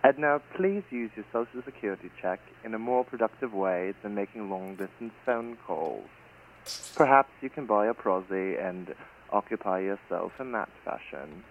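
A man's voice: fairly low pitch, expressive, normal speed, phone-quality sound, a little hiss or hum. A man voicing a haughty, catty caller who puts on a fake posh British manner, heard over a phone voicemail.

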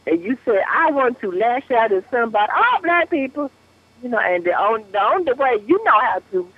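A man's voice: very high voice, sing-song, fairly quick, no room sound, exaggerated voice. A man voicing a brash, sassy woman who gives blunt advice in a bossy, scolding way. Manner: bossy, scolding, talks over people. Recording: tinny phone line.

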